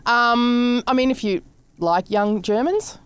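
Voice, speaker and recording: A woman's voice: on the high side, slow pace, clean tone. A middle-aged Australian woman co-hosting a podcast, telling jokey stories in casual chat. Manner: animated, jokey storytelling. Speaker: podcast co-host.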